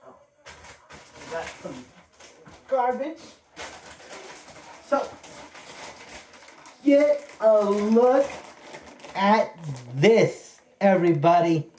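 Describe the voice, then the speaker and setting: Slow, excitable man in an echoey room. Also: high-pitched. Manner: excitable, repeats words, folksy exclamations. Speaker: vlogger unboxing birthday presents. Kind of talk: casual chat to camera. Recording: echoey room with faint noise.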